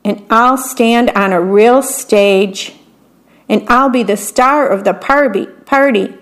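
Woman reading as a proud young animal brother, boastful, slow and slightly high, storybook voice.

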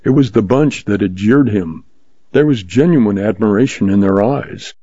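A man with a low, dark, husky voice reads pulp western stories in a steady, measured way. The recording is dry and dull, with a lo-fi sound. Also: no echo. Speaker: story reader, host.

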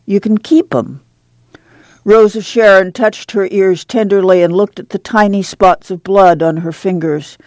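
A reader narrating a novel in a steady, measured storytelling manner. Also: medium pitch, no echo. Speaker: audiobook narrator.

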